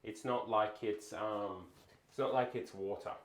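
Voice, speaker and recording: A man's voice: on the low side, fairly even intonation, a little slow. A man hosting a live cooking stream, explaining each step casually with a lot of hesitant ums. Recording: roomy kitchen echo.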